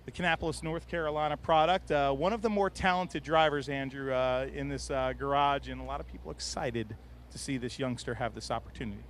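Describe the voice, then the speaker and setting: A man hosting casual interviews in an outdoor race garage, loud and jokey. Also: mid-range voice, fairly even intonation, slight background noise. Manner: loud, jokey, quick to exclaim. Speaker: garage reporter and host.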